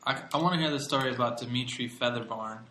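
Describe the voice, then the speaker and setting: A man co-hosting a casual podcast chat, jumping in with quick, blunt questions and laughs. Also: mid-range voice, bright, forceful tone. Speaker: podcast co-host. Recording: echoey room with faint noise.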